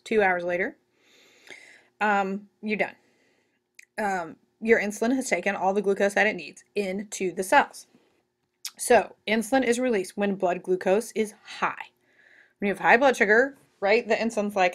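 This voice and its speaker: Woman, teacher, recorded lecture, animated, joking, chatty asides. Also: medium pitch, normal speed.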